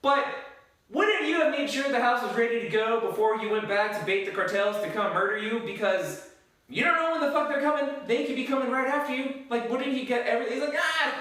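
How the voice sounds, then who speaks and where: A man's voice: very high voice, lively intonation, a little fast, bright, forceful tone. A man reviewing a movie in casual talk, blunt and profane, rambling with lots of fillers. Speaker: film reviewer. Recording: very echoey room, mic far off.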